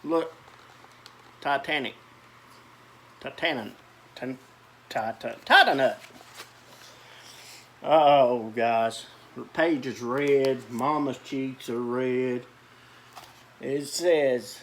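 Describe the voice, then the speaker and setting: A man's voice: medium pitch, very slow, long pauses, fairly bright tone. A man reading a children's picture book aloud, with chatty asides about the pictures. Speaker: storyteller.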